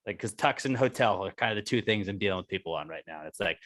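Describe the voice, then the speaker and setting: A man co-hosting a podcast, telling jokey stories in a casual, animated way. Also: on the low side, fast, few pauses, no echo. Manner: joking, animated storyteller. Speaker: podcast co-host. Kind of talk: casual chat.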